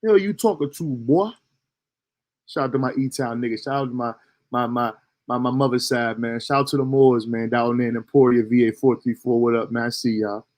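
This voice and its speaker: A man's voice: medium pitch, fairly even intonation, fairly quick, a little mellow. A man hosting a reaction video, giving laid-back, slangy commentary between clips.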